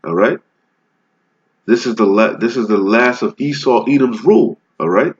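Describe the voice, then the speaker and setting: Man, husky voice, bible teaching, slow verse reading, casual asides, dull lo-fi sound. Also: lowish voice, animated. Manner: reads verses slowly then explains in casual talk, tags lines with "all right?". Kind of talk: street-style scripture teaching. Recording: dull lo-fi recording.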